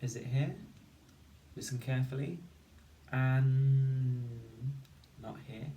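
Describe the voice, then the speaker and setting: A male teacher giving a patient phonics lesson, slowly sounding out each word and syllable. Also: medium pitch, darkish tone. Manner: slow, patient, sounding out words. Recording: roomy, distant mic with faint noise.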